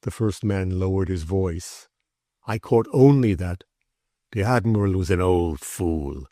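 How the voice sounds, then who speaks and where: A man narrating a classic adventure novel as an audiobook, measured and deliberate. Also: deep voice, mellow, no room sound, studio quality. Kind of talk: scripted narration.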